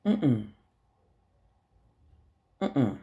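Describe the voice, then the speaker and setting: A woman's voice: a bass voice, big pitch swings, breathy edge, narrow, tinny audio. A middle-aged woman from Chicago with a Chicago accent, talking straight to her viewers in an emotional, blunt monologue. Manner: slow, earnest and blunt, with profanity. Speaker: vlogger. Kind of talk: emotional direct-to-camera monologue.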